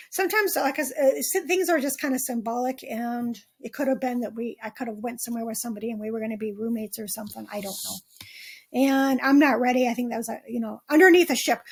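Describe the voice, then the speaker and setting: A woman's voice: on the high side, slightly rough. A woman hosting a podcast, talking casually and rambling through her dream notes with many ums and restarts. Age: not 27. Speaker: podcast host. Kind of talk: casual dream-journal monologue.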